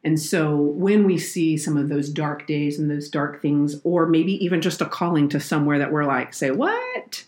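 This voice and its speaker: A low-pitched woman talks on a faith podcast. She tells a personal story in an earnest, heartfelt way. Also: fairly even intonation, normal speed, few pauses, a little mellow. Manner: earnest, heartfelt, tearful at moments. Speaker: podcast guest, children's minister.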